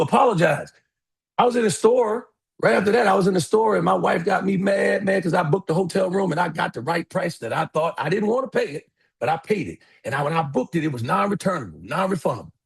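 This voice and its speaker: A middle-aged man telling a story in a keynote talk, animated and acting out the people in it. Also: a little high, vocal fry, breathy edge. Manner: animated storyteller, acts out voices, addresses audience as y'all. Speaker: keynote speaker.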